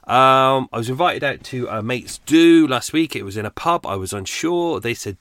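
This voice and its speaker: A man's voice: mid-range voice, animated, fast, hardly any pauses, a bit bright, no room sound. A man hosting a podcast, chatting casually off the cuff while unwell with a sore throat and cold, rambling with fillers and restarts. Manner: rambling, self-deprecating, frequent fillers and restarts. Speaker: podcast host. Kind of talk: unscripted casual chat.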